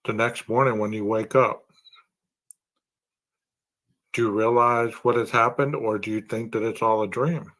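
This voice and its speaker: Slow, deliberate man asking rhetorical questions. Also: on the low side, steady tone, a bit bright. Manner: poses long strings of rhetorical questions; speculative, reasoning aloud. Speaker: podcast host. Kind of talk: true-crime podcast monologue.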